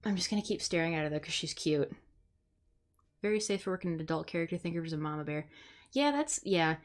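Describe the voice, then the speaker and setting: A young woman hosting a live stream talks at a quick pace in a low voice. She's from the Midwest United States, and her casual chat is blunt, sarcastic and full of swearing.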